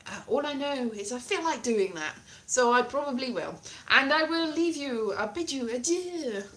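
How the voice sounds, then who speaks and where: A woman's voice: sits high, animated, moderate pace, fairly bright tone. A woman chatting playfully on her own livestream, rambling, trailing off and restarting. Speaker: livestream host. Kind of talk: casual rambling livestream chat.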